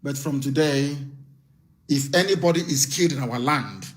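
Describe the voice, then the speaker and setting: A man's voice: medium pitch, normal speed. A man giving an impassioned live broadcast address as a political activist leader, hammering rhetorical questions and issuing stern warnings. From Nigeria.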